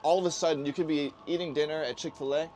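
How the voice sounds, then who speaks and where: A man hosting a casual chat, talking animatedly and acting out others with loud exclamations. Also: fairly high pitch, fairly even intonation, very fast, over a noisy crowd. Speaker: podcast host. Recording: outdoor rooftop with faint background noise.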